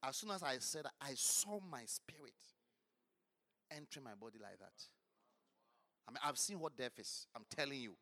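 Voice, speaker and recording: A man preaching a fervent sermon, swinging between shouted lines and low murmurs. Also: lively intonation, moderate pace, pauses often.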